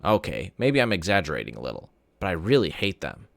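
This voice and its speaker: Lively man reading a novel aloud. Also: low-pitched, quick pace, vocal fry, no echo. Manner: animated storytelling. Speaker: teacher reading to students. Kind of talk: expressive read-aloud of a novel.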